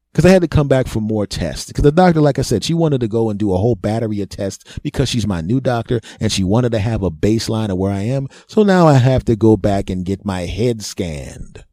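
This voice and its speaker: A middle-aged male podcast host spins a boastful, self-mocking comic tale. His voice is mellow and warm, recorded close and dry. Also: fairly low pitch, expressive, normal speed, no room sound. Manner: self-mocking, boastful, laughs at own jokes. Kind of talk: comic storytelling monologue.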